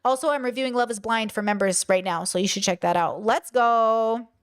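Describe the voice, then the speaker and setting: A woman streamer giving casual reaction commentary, blunt and animated, swearing freely as she rants. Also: mid-range voice, fast talker, clear, resonant tone.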